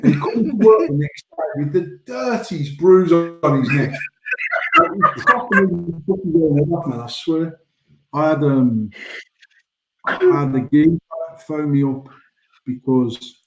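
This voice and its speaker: A man's voice: a little high, slow, long pauses, roomy sound, low-quality recording. Swearing man telling a story. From England. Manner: swears a lot, animated storytelling. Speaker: podcast co-host. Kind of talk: casual chat.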